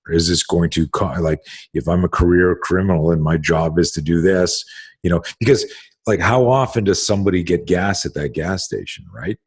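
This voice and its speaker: Deep husky man telling an intense story. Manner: intense, blunt, swears freely, restarts often. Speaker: self-defense instructor and podcast host. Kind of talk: animated podcast storytelling.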